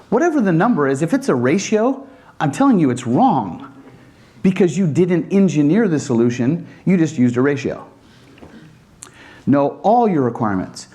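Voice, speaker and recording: A man with a fairly high voice gives a technical talk as an instructor. His pitch swings widely, and he acts out back-and-forth exchanges with customers in an animated way. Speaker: Wi-Fi design instructor. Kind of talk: conference presentation.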